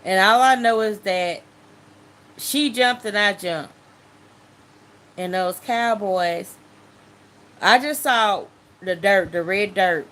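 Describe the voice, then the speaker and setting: A woman telling a personal testimony in an animated way, acting out voices and sounds as she goes. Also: medium pitch. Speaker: testimony speaker.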